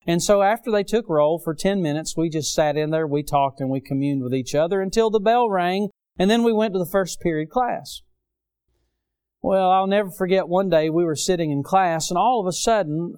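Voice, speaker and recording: A man preaching a sermon, rising loud on key phrases and dropping low for stories. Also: smooth. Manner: impassioned, swells loud on key phrases then drops low.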